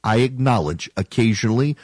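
A man's voice: medium pitch, animated, brisk, darkish tone, no room sound. A man hosting a talk radio show, delivering an opinionated monologue in an emphatic, argumentative way and mocking his critics.

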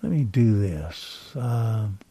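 Male radio host, unhurried deadpan joke delivery, dry close mic. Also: on the low side, husky, no room sound, poor audio. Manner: dry, halting with ums between segments. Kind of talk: deadpan joke-reading talk show.

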